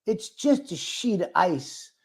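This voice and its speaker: A man's voice: high-pitched, sing-song, takes it slowly, vocal fry, a little mellow, husky. A male comedian telling a self-mocking story in casual, rambling talk with crude language. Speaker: comedian guest.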